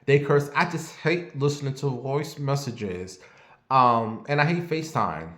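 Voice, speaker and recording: A man's voice: medium pitch, unhurried. Chatty man livestreaming in an echoey room. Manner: animated, rambling, chatty. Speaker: livestream host. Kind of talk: casual livestream chat with viewer shout-outs.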